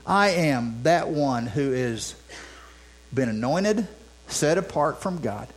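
A man's voice: mid-range voice, expressive, slow pace, rough recording. A man preaching a sermon in a conversational way, with many restarts and rhetorical questions. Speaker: pastor. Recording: mains hum.

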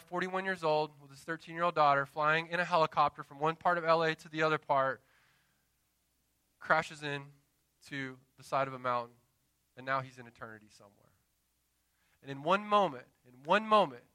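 Impassioned high-voiced preacher, bright tone. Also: male voice, clear, resonant tone, no echo. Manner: impassioned preaching with dramatic pauses and call-and-response asides. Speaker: pastor. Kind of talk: sermon. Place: church.

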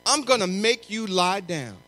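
A man's voice: high-pitched, lively intonation, unhurried, pushed and bright, heavily acted. A man voicing the Lord as a firm, matter-of-fact male boss on the job.

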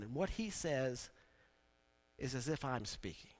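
A man preaching a sermon in a conversational way, building now and then to loud, emphatic peaks. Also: mid-range voice, expressive, measured pace, long pauses. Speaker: pastor.

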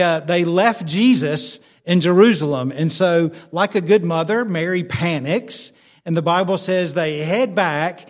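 A man preaching with an unusually high voice and an earnest, heartfelt delivery. He stammers and restarts often, repeating his points for emphasis. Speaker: pastor. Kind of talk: sermon.

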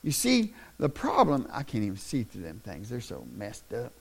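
A middle-aged man preaching a sermon in a folksy, plain-spoken way that swells into loud, impassioned shouting. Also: mid-range voice, huge pitch swings, normal speed, vocal fry, breathy edge. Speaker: pastor.

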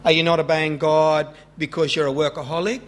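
A man preaching a sermon in an earnest way, rising in pitch when he stresses a point. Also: level tone. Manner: earnest, rising with emphasis, slow deliberate preaching. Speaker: pastor.

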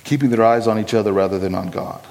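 A man's voice: lowish voice, quick pace, gravelly, darkish tone, poor audio. A man preaching a sermon, blunt and impassioned, pressing his points with rising urgency.

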